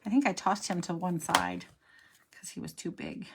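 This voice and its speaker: A woman's voice: fairly low pitch, big pitch swings, moderate pace, creaky, heavy background noise. A middle-aged woman hosting a crafting tutorial, chatting and rambling to herself as she works. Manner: chatty, rambling, talks to herself while working. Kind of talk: casual crafting demo chat.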